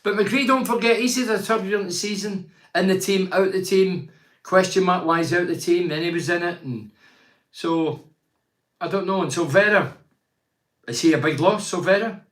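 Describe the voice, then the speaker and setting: An older man from Teesside hosts a casual chat, reading viewer comments aloud. He talks in a blunt, opinionated, rambling way, in a voice pitched a little high for a man. The room around him sounds echoey. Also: moderate pace.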